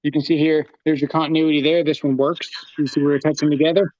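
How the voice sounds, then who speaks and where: A man with a fairly high but darkish voice talks fast and flat while handling gear in a dull, lo-fi livestream. He's a casual, chatty host giving a live demonstration of tools.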